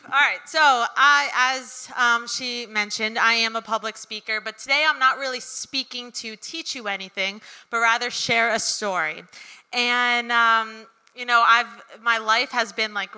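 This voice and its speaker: A young woman tells a story to a live crowd in a loose, chatty way, scattering ums and likes. Her voice is strikingly bright and a bit high. The sound carries a long hall reverb. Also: smooth. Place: event venue with audience.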